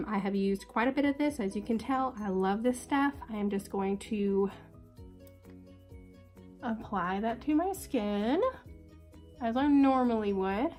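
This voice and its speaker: A woman's voice: fairly high pitch, measured pace, long pauses, a little mellow, soft background music. A young woman with a congested, sick voice chatting casually and upbeat through a makeup tutorial. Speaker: beauty vlogger.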